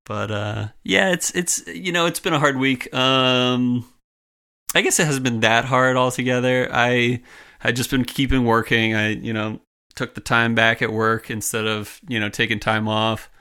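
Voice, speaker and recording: A young man co-hosting a podcast, chatting in a relaxed, rambling way with lots of fillers. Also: mid-range voice, measured pace, clean tone. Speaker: podcast co-host. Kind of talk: casual chat.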